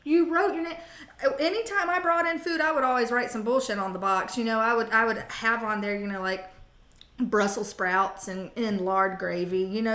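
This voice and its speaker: A woman with a high voice gives a casual live tarot reading, chatty and jokey, rambling from one aside to the next and swearing freely. Her voice bounces around an echoey room. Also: a bit bright. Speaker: tarot reader.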